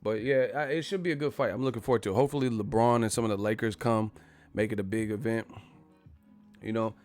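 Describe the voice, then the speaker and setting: A man's voice: lowish voice, fairly even intonation, fast, darkish tone, soft background music. A man hosting a casual boxing live stream, talking loosely and profanely and reading out viewer messages. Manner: laid-back, profane, reads viewer messages.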